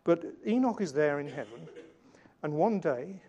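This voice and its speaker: A man preaching a sermon in an earnest way, slowing down and changing his volume to stress key points. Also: a little high, animated, dark tone, highs cut off. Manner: earnest, varies volume for emphasis, slows on key lines.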